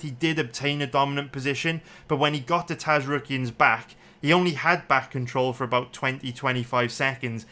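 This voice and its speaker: Man, bright tense voice, heated fight analysis, swearing, repeats words. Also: medium pitch. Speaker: MMA betting analyst. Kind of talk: angry fight breakdown commentary.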